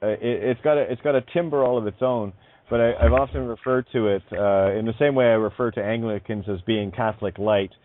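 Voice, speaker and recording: A man's voice: medium pitch, fairly even intonation, a little fast, a little hiss or hum. A man hosting a casual radio chat, rambling and musing, often dropping into mock accents. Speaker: host. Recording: dry tinny phone-like line.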